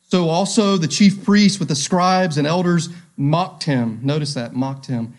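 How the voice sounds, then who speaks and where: Male preacher, sermon, fairly high voice, emphatic, repeats key lines. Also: unhurried, few pauses. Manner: reads scripture aloud dramatically.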